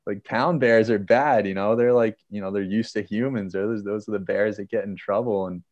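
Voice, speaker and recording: A man from Pennsylvania telling a hiking story in a casual, animated way, acting out the lines of people in it and using lots of fillers. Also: on the low side, a little fast, no echo, dull audio. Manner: animated, acts out quotes, many fillers.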